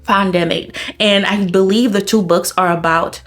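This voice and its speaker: A woman chatting casually in a book review vlog. She talks with excitement, laughs often and fills her speech with "like.". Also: mid-range voice, normal speed. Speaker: book vlogger.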